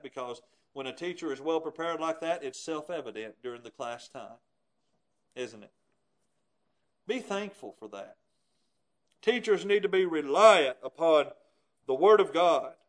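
A man's voice: on the high side, animated, moderate pace, pauses often, rough recording. A man preaching a sermon in an earnest, emphatic way, often asking rhetorical questions.

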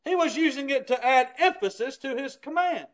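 A man's voice: very high-pitched, expressive, moderate pace. A man preaching a sermon, teaching scripture in an emphatic, explanatory way with everyday examples.

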